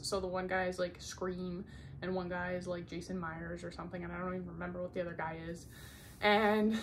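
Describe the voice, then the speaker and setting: A woman's voice: medium pitch, a bit bright. A woman talks through her recent reads in a loose, casual chat. She peppers her sentences with "like" and breaks into laughter as she recounts what happens in each book. A faint hiss sits under her voice. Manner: chatty, many "like" fillers, laughs while retelling plots. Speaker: book vlogger.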